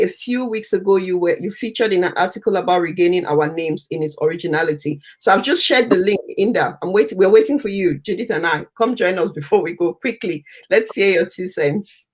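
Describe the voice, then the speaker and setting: A woman's voice: mid-range voice, normal speed. A woman from Cameroon, hosting a live online chat show and inviting guests to weigh in. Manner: inviting, prompting questions, laughs often. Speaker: host.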